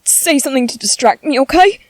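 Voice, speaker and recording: A woman's voice: high-pitched, expressive, fairly quick, no echo. A woman voicing a shy, bookish young male soldier in an ASMR audio drama, nervous and stammering. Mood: exasperated.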